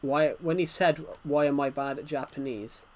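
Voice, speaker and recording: A man's voice: on the high side, fairly even intonation, normal speed. A man streaming gameplay live, rambling chattily and answering chat messages, his nose bothered by hay fever.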